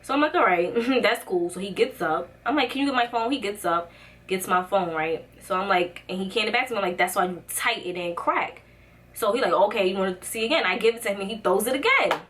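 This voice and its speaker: A young woman telling a dramatic storytime, acting out the quotes with lively, rising pitch. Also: fairly quick, distant mic. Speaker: vlogger. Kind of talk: storytime vlog.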